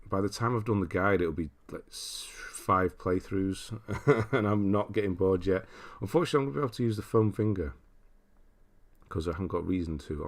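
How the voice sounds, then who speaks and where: A deep, low-voiced British host goes through his viewers' comments one by one during a relaxed livestream. He keeps the chat casual, reading messages aloud and laughing frequently.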